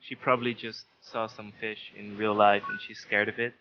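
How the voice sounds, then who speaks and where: A man's voice: on the low side, flat delivery, normal speed, muffled recording, noisy background. A man with a Dutch accent, a game developer explaining his own game in casual chat. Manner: explains game mechanics patiently. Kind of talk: casual let's play chat.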